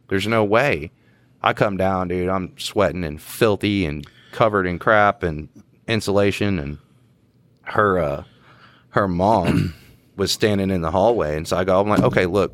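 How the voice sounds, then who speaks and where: Male podcast cohost, very low voice, dry close mic, relaxed storyteller. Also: no echo. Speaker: podcast co-host, police officer. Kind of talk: casual storytelling.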